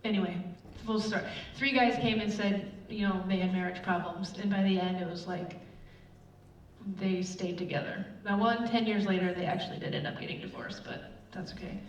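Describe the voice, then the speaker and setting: A woman's voice: mid-range voice, steady tone, moderate pace. A middle-aged woman preaches in a chatty, storytelling way, full of little fillers. Her voice sounds distant and echoey, as if picked up from across a hall. The sound is slightly dull, with faint room noise behind her. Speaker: church speaker. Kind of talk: casual sermon with personal stories.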